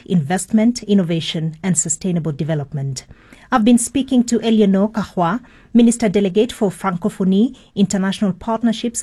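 Mellow, husky woman news presenter. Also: mid-range voice. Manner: crisp, formal scripted delivery. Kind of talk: scripted news reading.

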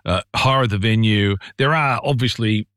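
A man's voice: on the low side, normal speed, fairly bright tone, no echo. A man with an Australian accent hosting a casual radio interview, chatty and joking. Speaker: radio host. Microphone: studio mic.

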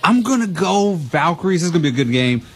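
A man appearing as a guest on a sports radio show, making picks in a relaxed, wry way. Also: a little high, quick pace, husky, faint music behind. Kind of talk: casual sports picks chat.

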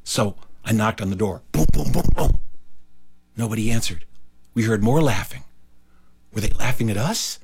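A man telling a childhood story aloud, animated and acting out the characters' lines. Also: normal speed, noisy background. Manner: animated, acts out characters with big pitch leaps. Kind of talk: told story performed for listeners.

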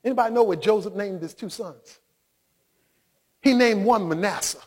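Male preacher, very high husky voice, impassioned, climbs into shouts. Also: normal speed. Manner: impassioned, often rising to shouting. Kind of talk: sermon.

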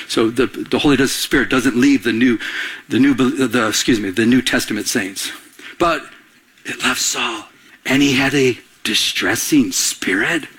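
A man, a pastor, preaching a sermon in a conversational, animated way that dramatizes scenes. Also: medium pitch, breathy edge.

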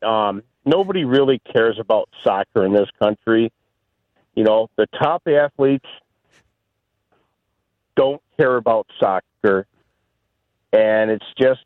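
A man's voice: mid-range voice, no echo. Radio caller guy on a tinny phone line, rambly, keeps saying you know. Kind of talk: call-in radio.

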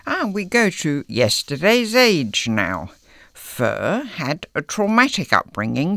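A reader going through newspaper articles aloud in a plain, unhurried way. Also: mid-range voice, a bit bright, no echo, studio quality. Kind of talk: reading news articles aloud.

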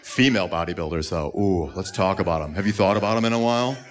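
A deep-voiced man rattles through a crude stand-up routine at a quick pace, gripping a handheld mic on a comedy club stage with a live crowd watching. His delivery is brash, punctuated by sudden yelps, and the live recording picks up a noisy room.

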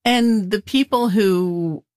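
A woman hosting an interview, calm and attentive as she asks questions and backs up her guest. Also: medium pitch, slow pace, no room sound, studio quality. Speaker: radio show host.

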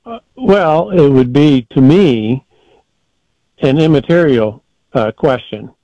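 An older man giving political commentary as a guest in a measured, folksy, deliberate way. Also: medium pitch, animated, mellow, dry recording, highs cut off.

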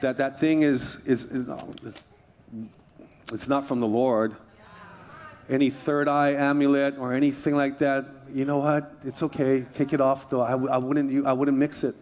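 A man's voice: mid-range voice, level tone, a little slow, a little mellow. A male pastor preaching a sermon in a church, telling stories in a conversational, joking way. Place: church sanctuary.

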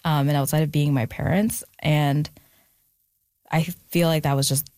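Low-voiced woman, reflective guest. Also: fairly even intonation, unhurried, a little mellow, no room sound, clean studio sound. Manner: earnest and reflective, with fillers and laughs. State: emotional, near tears at times. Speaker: author, guest. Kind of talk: casual interview talk.

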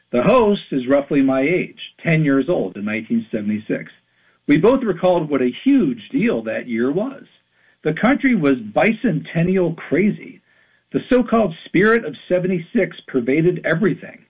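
A man in his fifties delivers a radio commentary in an animated, emphatic way. His voice sits a bit high and sounds husky. It comes through a thin, phone-like line. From western Pennsylvania. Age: 50s.

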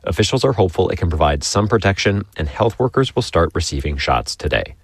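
A man reporting a radio news story in a steady, informative way. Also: sits low, fast talker, slightly rough, dry recording.

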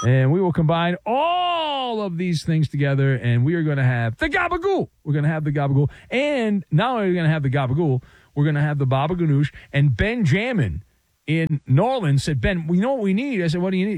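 Male sports talk host, sarcastic and playful, very lively pitch swings, dry close mic. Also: no echo. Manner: wisecracking, sarcastic, playful riffs.

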